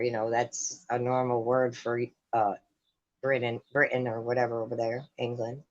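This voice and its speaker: A man chats casually as a panel guest and explains a point without hurry. His voice sits at an ordinary pitch. The audio comes through dull and lo-fi, as on a call-in line. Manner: explanatory, laid-back. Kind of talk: casual chat.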